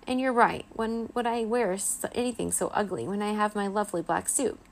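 A woman's voice: mid-range voice, fairly even intonation, brisk, vocal fry, close to an everyday voice. A woman voicing a nervous, eager nine-year-old boy vampire in a children's storybook reading. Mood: flustered.

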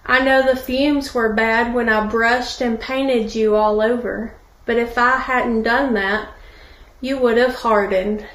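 Brief: woman as a patient potter, soft steady voice, slow, echoey room. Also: on the high side. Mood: gentle. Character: patient master potter, calm and gentle.

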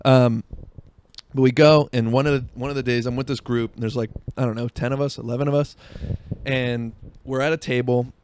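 A man's voice: mid-range voice, fairly even intonation, fairly quick, a little mellow, a little hiss or hum. A young man hosting a podcast, telling a rambling, profane story in a casual monologue full of fillers, talking while driving. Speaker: podcast host.

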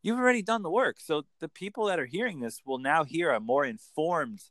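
A man's voice: on the high side, expressive, a bit bright, no room sound. Man, enthusiastic coach, dry close sound. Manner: enthusiastic, explains with quick acted examples. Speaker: accent coach. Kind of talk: conversational interview.

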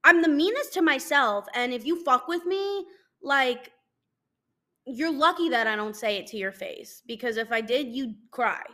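A woman's voice: high-pitched, lively intonation, moderate pace, sharp tone. A young adult woman hosting a solo podcast, ranting in a blunt, profane and self-mocking way. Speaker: podcast host. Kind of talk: casual solo podcast chat.

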